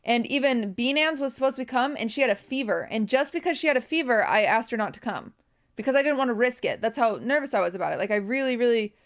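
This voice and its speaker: A woman's voice: on the high side, animated, quick pace. A young woman streamer talking to her viewers on a livestream, tearful, rambling and apologetic. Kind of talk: emotional livestream talk.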